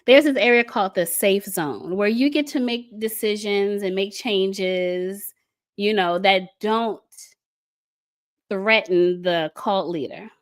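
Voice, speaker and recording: A woman giving an animated talk, explaining with a diagram, repeating phrases for emphasis and now and then dropping into mock voices. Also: mid-range voice, slow. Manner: emphatic, breaks into laughs, repeats phrases for stress; casual, mock voices when quoting. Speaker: speaker on a panel about a church group.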